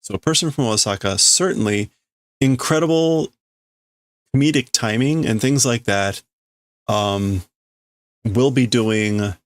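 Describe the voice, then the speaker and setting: A man's voice: mid-range voice, measured pace, pauses often, no echo. A man on a casual live stream, translating a manga aloud as he goes, hesitant and correcting himself as he works things out. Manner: hesitant, thinks aloud with restarts and self-corrections. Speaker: livestreamer.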